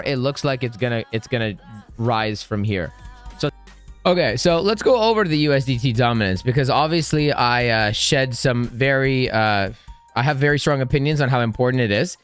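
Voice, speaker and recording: A man's voice: medium pitch, expressive, normal speed, clean tone, faint music behind. A man hosting a trading channel, giving casual, emphatic market commentary over charts and often tagging on "right?". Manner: emphatic, blunt, keeps asking "right?".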